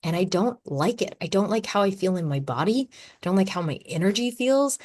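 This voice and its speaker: A woman in her thirties hosting a casual solo podcast, talking in a chatty, animated way and laughing often. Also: medium pitch, brisk. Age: 30s. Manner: chatty, animated, acts out her own quotes. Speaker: podcast host.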